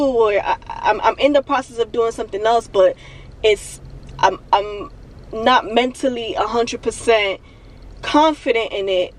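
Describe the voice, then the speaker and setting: A young woman vlogging from her car, venting and on the verge of tears, talking in a halting way and repeating herself. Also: mid-range voice, distant mic, a little hiss or hum, low-quality recording. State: emotional, near tears. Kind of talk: emotional confessional vlog. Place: parked car.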